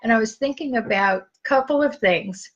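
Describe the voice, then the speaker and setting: A woman's voice: on the high side, normal speed. A middle-aged woman hosting her own live stream, talking through personal memories in a casual monologue, rambling with many restarts and fillers. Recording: slightly dull lo-fi audio.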